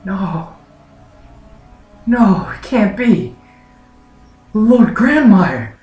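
A man voicing a distressed young woman in a squeaky falsetto while reading game dialogue. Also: big pitch swings, very slow, darkish tone, roomy sound, distant mic, muffled recording, soft background music, full character voice. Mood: grieving.

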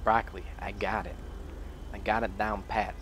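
A man's voice: fairly low pitch, flat delivery, moderate pace, fairly bright tone, a little hiss or hum. A man playing a character in a game roleplay, joking, swearing and laughing often. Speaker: roleplay streamer.

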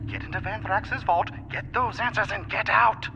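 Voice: medium pitch, fairly even intonation, normal speed, gravelly, heavy background noise, natural voice. A performer voicing a scheming teen boy who pushes his friend to cheat in a conspiratorial tone. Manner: pushy, conspiratorial. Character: scheming teen boy, pushy bad influence.

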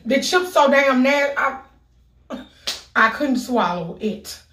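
A woman vlogger in a casual video who talks in pain from a burning mouth, with loud exclamations and heavy cursing. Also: high voice, animated, takes it slowly, a little hiss or hum. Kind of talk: casual vlog talk. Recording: echoey room, mic at a distance.

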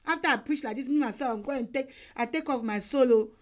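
A woman evangelist preaching a sermon over an online call, emphatic and exhorting, repeating her phrases and sometimes bursting into shouts. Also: sits high, quick pace, loud music behind the voice.

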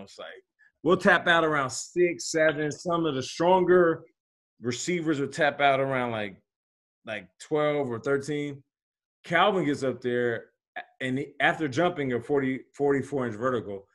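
Animated storytelling man, slangy. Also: medium pitch. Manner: lively, slangy, acts out quotes, laughs while telling stories. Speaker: podcast guest, former pro football player. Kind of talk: animated storytelling in casual conversation.

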